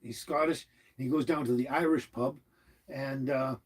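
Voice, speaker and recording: A man's voice: mid-range voice, fairly even intonation, normal speed, breathy edge, poor audio. A man hosting a casual live stream, rambling and chuckling as he answers his chat from inside his motorhome. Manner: rambling, chuckling, warmly chatty. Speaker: livestream host reading chat.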